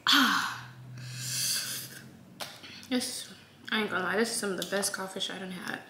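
Slangy woman eating, bright echoey sound. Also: mid-range voice, measured pace. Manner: slangy, chatty, eats while talking. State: runny nose. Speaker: food vlogger. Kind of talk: casual mukbang chat to camera. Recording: echoey room with faint noise.

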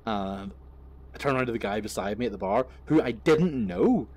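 A man talks while driving his truck, rambling through stories with lots of swearing and fillers. His pitch sits mid-range but moves about a lot. He laughs at himself as he goes. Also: animated, moderate pace, darkish tone. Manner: swearing, self-mocking, rambling with many fillers. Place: inside a truck cab on the road.

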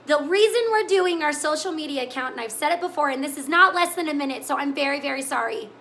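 A woman's voice: high-pitched, creaky, sharp tone, a little hiss or hum. A woman hosting a live cooking stream, chatting with viewers in an emotional, tearful way. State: crying. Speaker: cooking show host. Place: home kitchen.

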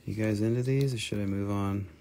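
A man's voice: fairly low pitch, steady tone, a little fast, mellow, slight background noise. A man hosting a live stream where he sells crystals, talking in a chatty, joking way. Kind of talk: casual live sales stream.

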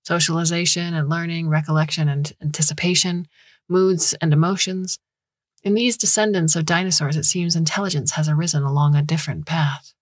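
Low, husky woman reading a story. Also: steady tone, brisk, no echo, clean studio sound. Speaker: story narrator. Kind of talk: scripted narration.

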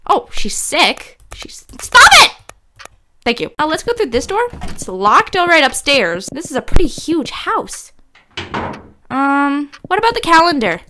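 A woman giving horror game commentary, excitable, screaming and talking to objects on screen. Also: sits high, slight background noise. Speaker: gamer.

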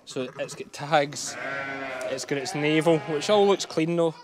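A man's voice: fairly high pitch, measured pace, background noise. A Scottish man, a sheep farmer, chatting casually and explaining as he works outdoors on his farm. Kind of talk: casual vlog narration while working.

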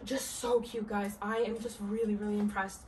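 A woman's voice: medium pitch, level tone, moderate pace, darkish tone, a little hiss or hum. A young adult woman chatting enthusiastically in a try-on haul vlog, recorded indoors at home. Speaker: fashion vlogger.

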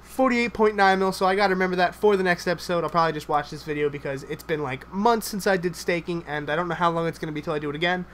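A man giving live gameplay commentary, excitable and joking, swearing often and chattering in rapid bursts. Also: high-pitched, a little hiss or hum.

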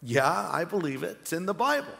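A preacher voicing a calm young girl. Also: high-pitched, brisk, vocal fry, heavily acted. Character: calm, sure-footed young girl of faith. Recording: long hall reverb.

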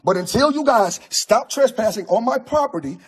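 A man's voice: extremely high pitch, lively intonation, normal speed. A man arguing at his front door, insistent and formal, repeating "sir" and himself often. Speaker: resident streaming live. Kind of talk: heated doorway argument.

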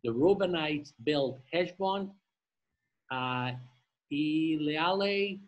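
Husky man reading scripture aloud. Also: fairly high pitch, highs cut off. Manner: reads slowly, stumbles over names, adds jokey asides. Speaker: Torah study participant reading scripture. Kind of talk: reading aloud and group discussion.

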